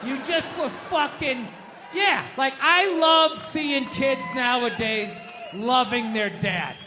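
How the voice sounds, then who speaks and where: A man doing a stand-up comedy set, loud and ranting as he acts out voices on a big stage. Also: very high-pitched, slow, over music, crowd noise. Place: comedy stage in a large venue. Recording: live hall with audience laughter.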